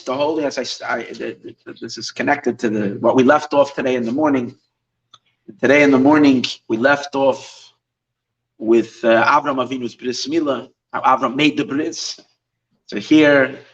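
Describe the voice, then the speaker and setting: Male rabbi, fairly high voice, lively halting storyteller; recorded off-mic, muffled. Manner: animated, halting storyteller with many restarts. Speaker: rabbi teaching a class. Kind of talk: storytelling lesson. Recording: distant mic, dull lo-fi sound.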